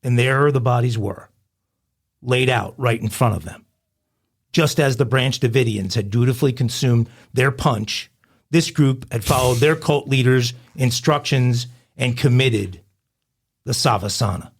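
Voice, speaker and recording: A man's voice: mid-range voice, unhurried. A man co-hosting a crime podcast, reading a funny news story in a mock-dramatic storytelling way. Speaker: podcast co-host.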